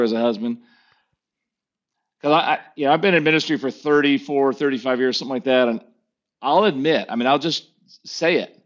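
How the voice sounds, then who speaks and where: A pastor in his fifties, a guest on a podcast, telling stories in a lively, casual way and acting out other people's lines. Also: mid-range voice. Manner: animated storyteller who acts out other people's lines. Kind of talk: casual storytelling conversation. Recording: dull lo-fi podcast audio.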